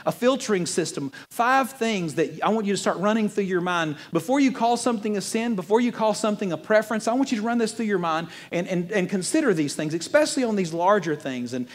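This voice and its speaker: Animated preacher man, high voice, echoing hall. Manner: animated, conversational preaching with playful asides. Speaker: pastor. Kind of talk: sermon.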